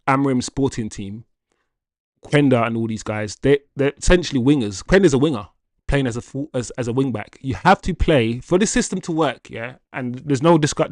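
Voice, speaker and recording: Male livestream host, casual and animated, addresses chat directly, dry sound. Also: medium pitch, moderate pace, no echo. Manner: animated and chatty, laughs often, addresses chat as guys. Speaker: football channel livestream host. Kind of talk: casual livestream chat reading viewer comments.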